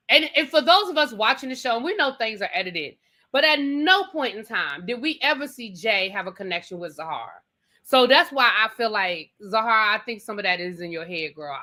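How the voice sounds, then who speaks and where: Bright-voiced, opinionated woman co-host. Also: medium pitch. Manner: opinionated, emphatic, addresses people directly. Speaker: podcast co-host. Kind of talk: casual recap chat.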